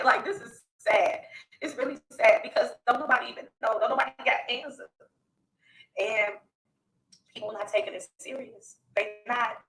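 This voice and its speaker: A woman talks straight into her phone on a live stream, earnest and pleading, circling back to the same warnings. Her voice sits a little high and comes across bright and forceful. The phone picks up an echoey room around her. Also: far from the mic. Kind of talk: emotional live-stream address.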